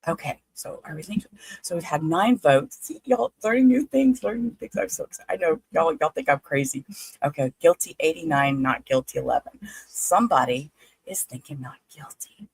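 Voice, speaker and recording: A woman, hosting a livestream in a chatty, halting, excitable way. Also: sits low, vocal fry, husky, dry recording, rough recording. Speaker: livestream host. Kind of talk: casual livestream chat.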